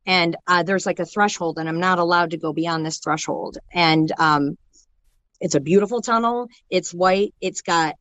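A young woman recounts a painful personal memory, her speech halting and dotted with fillers and restarts. Her voice sits a little low for a woman. The recording is close and dry. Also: fairly bright tone, no room sound, muffled recording. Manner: halting, filler-heavy talk with many restarts. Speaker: storyteller sharing a personal loss. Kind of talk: emotional personal storytelling.

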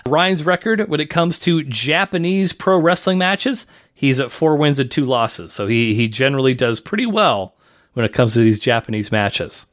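A man's voice: on the high side, fairly bright tone, no echo, clean studio sound. Chatty man hosting a wrestling podcast. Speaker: podcast host. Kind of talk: casual podcast chat.

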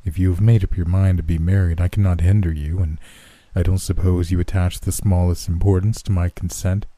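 A man voicing a dying old nobleman who speaks slowly and menacingly, gloating with a sinister, lowered voice. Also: little pitch movement, warm tone, no echo, natural voice. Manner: slow, lowered, menacing delivery.

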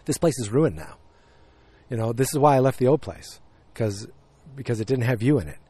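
A man's voice: mid-range voice, expressive, a little fast, dark tone, slightly rough, dry recording. A man casually retelling a TV episode, rambling with lots of fillers and quoted lines. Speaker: podcast host recapping a TV episode. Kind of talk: casual chat.

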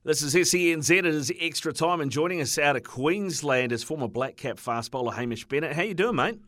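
A man's voice: a little high, animated, fairly quick, a bit bright, no room sound. Radio sports guy, calls everyone mate, dry booth, fumbles his questions. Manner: friendly, stumbling restarts, says mate a lot. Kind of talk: casual radio interview.

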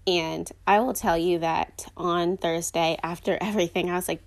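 A woman's voice: on the low side, steady tone, normal speed, gravelly, hardly any pauses. A young woman hosting a podcast alone in rambling, chatty talk full of fillers. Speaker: podcast host. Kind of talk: casual solo podcast chat.

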